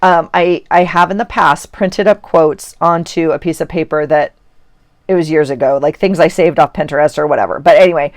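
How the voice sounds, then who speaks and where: A woman's voice: low voice, fairly quick, dry recording. A middle-aged woman chatting casually in her home office while sorting journal supplies, rambling and giggly. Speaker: journaling vlogger. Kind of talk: casual chat while crafting.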